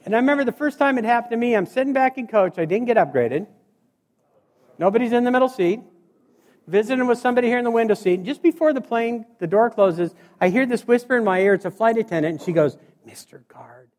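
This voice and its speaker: A man doing storytelling stand-up comedy, animated and acting out the people in his stories. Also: very high-pitched, quick pace. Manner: animated, acts out voices and scenes. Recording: reverberant hall.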